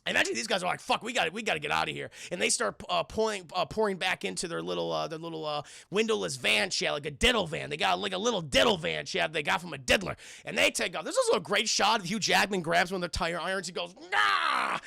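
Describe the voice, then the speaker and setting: A young man reviewing a film with his live chat, casual and profane, acting out lines loudly. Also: high voice, creaky, no room sound, clean studio sound. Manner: profane, animated, acts out quotes loudly.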